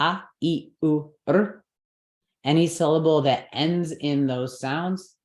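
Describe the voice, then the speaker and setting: A woman's voice: rumbling low, darkish tone. A woman teaching Sanskrit pronunciation rules in an explanatory class, patiently checking that her students follow along. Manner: patient, checks understanding with frequent "right?" and "okay". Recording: roomy echo.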